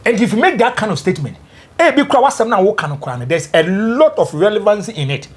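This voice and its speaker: Ghanaian guy on a politics panel, talks fast, says everything twice, super emphatic. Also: high voice, very animated. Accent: Ghanaian English. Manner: emphatic, repeats his points. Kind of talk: political talk show debate.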